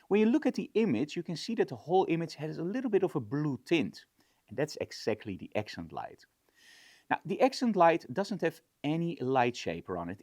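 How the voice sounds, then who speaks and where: Animated male photography instructor. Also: medium pitch, no room sound, clean studio sound. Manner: enthusiastic, conversational. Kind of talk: explaining a lighting setup.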